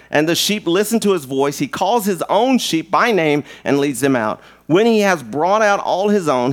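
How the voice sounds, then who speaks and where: A man preaching a lively live sermon as pastor, playful and animated, acting out little voices and jokes. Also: a little high.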